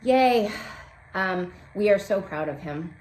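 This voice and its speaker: A woman's voice: fairly low pitch, measured pace, a little mellow. A woman in her forties chatting casually and cheerfully as a craft vlog host, with plenty of ums. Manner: chatty, upbeat, many fillers. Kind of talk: casual chat. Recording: roomy echo, faint background hum.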